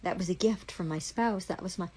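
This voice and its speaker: A woman's voice: on the low side, brisk, darkish tone, breathy edge, poor audio. A woman with a Canadian accent, swearing constantly in a heated, accusing rant on a livestream.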